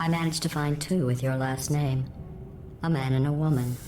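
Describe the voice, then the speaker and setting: An actress voicing a sarcastic, cruel female AI computer in a video game, speaking in a deadpan, mocking, coldly polite way through a synthetic robotic filter. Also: sits low, moderate pace. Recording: echoey game audio with ambient hum.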